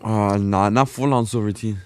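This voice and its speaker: A man's voice: fairly low pitch, steady tone, normal speed, a little mellow, clean tone, no room sound, clean studio sound. A man hosting a casual podcast, answering in short, easygoing replies. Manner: short reactions, laughs along. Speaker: podcast host. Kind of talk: casual chat.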